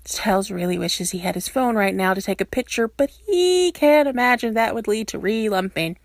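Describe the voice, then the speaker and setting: Woman storyteller, animated lilt, dead-dry close sound. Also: mid-range voice, moderate pace, no echo. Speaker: reader. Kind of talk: reading fan fiction aloud.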